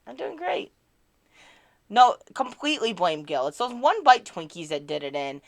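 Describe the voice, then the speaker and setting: A woman's voice: mid-range voice, sing-song, moderate pace, no room sound, clean studio sound. A woman chatting casually on a live stream, answering her chat in a rambling, candid and self-deprecating way.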